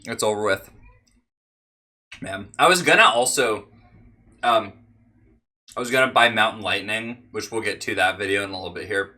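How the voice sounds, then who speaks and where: Rambling young man vlogging, bright voice. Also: fairly low pitch, normal speed, pauses often. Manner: rambling and self-deprecating, talks while snacking. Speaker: channel host. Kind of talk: casual rambling vlog chat.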